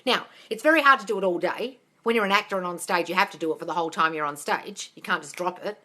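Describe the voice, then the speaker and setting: A woman's voice: lowish voice, fast talker, sharp tone. A woman hosting a casual live-stream Q&A on manifesting, talking bluntly and animatedly and swearing freely.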